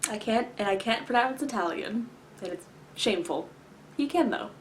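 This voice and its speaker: A woman vlogger answering viewer questions in a deliberate, enunciated way, with long pauses, many filler words and some throat-clearing. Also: a little high, expressive, a little hiss or hum. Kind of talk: casual explanatory talk to camera.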